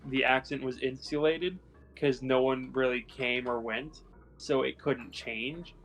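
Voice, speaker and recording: A man's voice: medium pitch, a bit bright. A man running a tabletop game, narrating casually with lots of fillers. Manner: rambling, many fillers. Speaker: game master.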